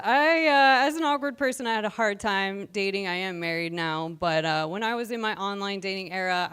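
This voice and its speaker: Breathless, animated woman doing stand-up. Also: mid-range voice, smooth. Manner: self-deprecating, animated, laughing at own jokes. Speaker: stand-up comedian. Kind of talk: stand-up comedy set.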